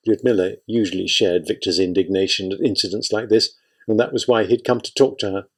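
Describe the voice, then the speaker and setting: A man reading a literary novel aloud, narrating in a measured, even way. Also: fairly low pitch. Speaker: audiobook reader.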